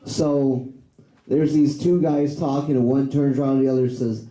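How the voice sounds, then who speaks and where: Corny pun-telling comedian, echoey room. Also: male voice, medium pitch, steady tone, unhurried, mellow. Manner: corny puns, chuckles at his own jokes. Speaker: open mic comedian. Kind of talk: stand-up one-liners. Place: cafe open mic.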